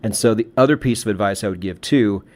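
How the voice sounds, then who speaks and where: A man with a lowish voice talks through his points in a relaxed podcast chat. He is middle-aged, reflective, and often restarts his sentences as he gives advice to listeners. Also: quick pace. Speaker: podcast co-host. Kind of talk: casual podcast conversation.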